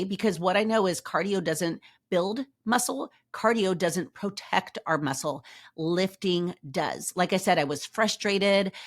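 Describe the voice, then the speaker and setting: A middle-aged woman hosting a podcast, telling her own story to listeners in a lively, emphatic way and acting out what people said. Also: medium pitch. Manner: lively, emphatic, acts out quoted remarks. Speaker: podcast host.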